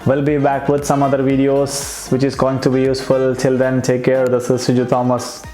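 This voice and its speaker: A man's voice: medium pitch, monotone, normal speed, warm tone. A man with a Malayali English accent teaching vocabulary, patiently repeating each example phrase. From Kerala, India. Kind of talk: lesson. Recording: roomy echo with faint music.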